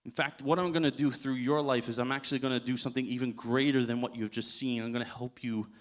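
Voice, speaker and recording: A man voicing a calm, patient male teacher who speaks gently and reassuringly, recorded in a church. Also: mid-range voice, quick pace, close to an everyday voice. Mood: gentle reassurance.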